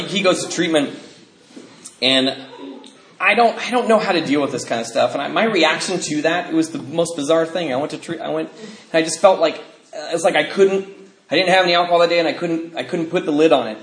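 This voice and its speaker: A man's voice: fairly high pitch, fairly quick. A man giving a personal testimony to a live group, telling his story loosely with many fillers and laughing through the darker parts. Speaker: speaker sharing his recovery story. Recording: echoey room, faint background noise.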